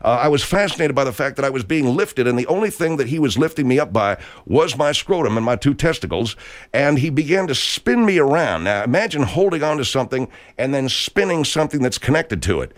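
A man's voice: medium pitch, sing-song, a little fast. Folksy Arkansas man telling a rambling comic tale. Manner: folksy, rambling, full of filler words. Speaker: country show host. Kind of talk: comedic rambling monologue.

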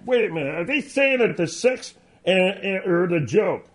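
A man banters casually as a co-host on a talk radio show, offering blunt opinions. His voice is notably high for a man. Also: animated, normal speed.

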